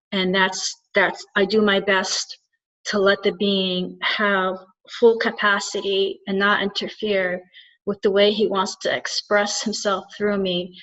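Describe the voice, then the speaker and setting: In a dull lo-fi recording, a spiritual channeler and soul coach gives a reflective solo talk to the camera. Her medium-pitched voice has some brightness, and she speaks earnestly, working through her thoughts aloud.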